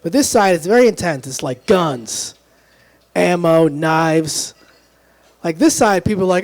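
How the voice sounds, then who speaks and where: A young man works the room at an open mic in a small club, speaking into a handheld stage mic. His voice sits high for a man, and he ribs the crowd and himself as he goes. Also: expressive, measured pace, vocal fry, a little mellow. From Dominican heritage, grew up in Texas area. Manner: self-deprecating, crowd-teasing punchlines. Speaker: stand-up comedian. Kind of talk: open mic stand-up comedy. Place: small live music club.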